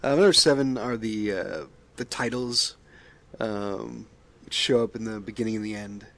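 A man's voice: fairly low pitch, moderate pace, gravelly, a bit bright. A man co-hosting a casual movie podcast, speaking hesitantly and restarting often. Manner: hesitant, lots of ums and restarts. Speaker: podcast co-host.

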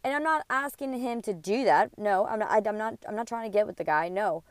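Woman podcaster, heated storytelling, profane, acts out quotes, clear resonant voice, dry recording. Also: mid-range voice, fairly quick, no room sound. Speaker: podcast host. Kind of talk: casual storytelling monologue.

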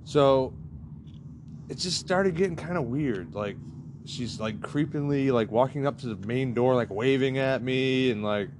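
A man's voice: mid-range voice, a little slow, background noise. Rambling, foul-mouthed man telling a story. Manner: profane, rambling, heavy use of "like". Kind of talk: casual storytime rant. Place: campground in New Mexico.

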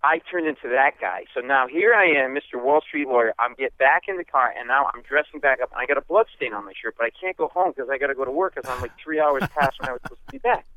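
A man telling a comic story in an interview, animated and acting out the people in it. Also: mid-range voice, fast talker, hardly any pauses, dry recording. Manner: animated, acts out voices. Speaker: guest comedian. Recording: tinny phone-like line.

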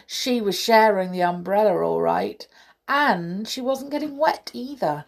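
A woman reading a children's story aloud with expressive, slow delivery and whispered asides. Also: on the low side, gravelly, husky.

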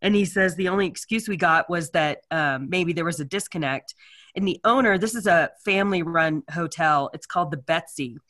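A middle-aged woman co-hosting a casual chat, talking in a chatty, halting way with many fillers. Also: on the low side, fairly bright tone. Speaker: co-host. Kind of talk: casual chat, reading reviews aloud.

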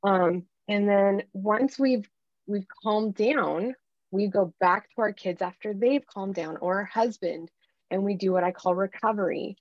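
A woman's voice: mid-range voice, measured pace, no echo. Woman coach talking thru her method, earnest, acts out lines, kinda dull lo-fi sound. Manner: earnest, animated, acts out little dialogues. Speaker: life coach guest. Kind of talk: podcast interview, explaining advice.

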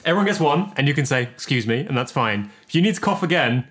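A man co-hosting a comedy podcast, reading out listener posts and riffing on them. His pitch swings widely as he talks. He breaks into laughter often between lines. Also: lively intonation, quick pace, fairly bright tone. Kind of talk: comedic banter.

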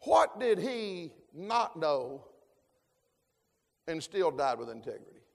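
A man preaching a folksy sermon, calling for amens and building to shouts. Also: a little high, sing-song, takes it slowly, gravelly. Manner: folksy, call-and-response, rising to shouts. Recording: long hall reverb.

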